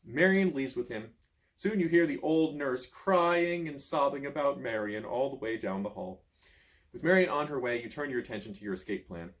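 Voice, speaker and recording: Animated man reading a gamebook aloud. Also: mid-range voice. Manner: expressive, animated storytelling with asides. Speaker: reader, channel host.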